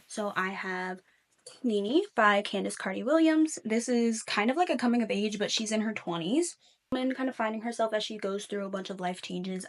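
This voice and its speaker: Young woman rambling casually to camera for her vlog, lots of likes and ums. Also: fairly high pitch. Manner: chatty, lots of "like" fillers. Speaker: reading vlogger.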